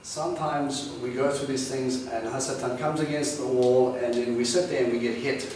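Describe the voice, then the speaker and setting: A man preaching a sermon to a congregation, emphatic and repetitive, swinging between loud and hushed passages. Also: mid-range voice, fairly even intonation, normal speed. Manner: repetitive, rhythmic exhortation. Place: congregation hall. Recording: echoey hall from far off, faint background noise.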